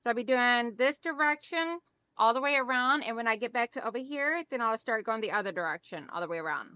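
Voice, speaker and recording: A woman's voice: a little high, expressive, brisk, sharp tone, smooth, no room sound, highs cut off. A middle-aged woman hosting a hand-quilting livestream, chatting casually and greeting viewers by name, calling them hon and girl. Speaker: craft channel host.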